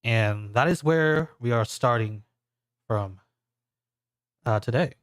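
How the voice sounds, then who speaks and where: A man's voice: medium pitch, slow, no room sound. A man narrating a tabletop game as game master, in a loose, casual way with many fillers.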